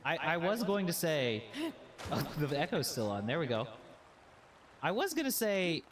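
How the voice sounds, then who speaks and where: A man's voice: a little high, moderate pace, noisy background. Playful, jokey male game streamer. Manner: playful and jokey, with sudden excited squeals; puts on a put-on accent by habit. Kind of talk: casual let's-play commentary.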